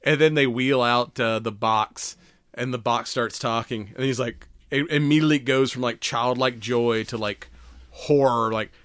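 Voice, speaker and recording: A man's voice: medium pitch, fairly even intonation, moderate pace, fairly bright tone, no room sound, studio quality. A man co-hosting a podcast, casually recapping a holiday movie with plenty of swearing and laughter. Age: adult, has kids. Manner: retells scenes with quoted character lines, swears freely, laughs often. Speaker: podcast co-host.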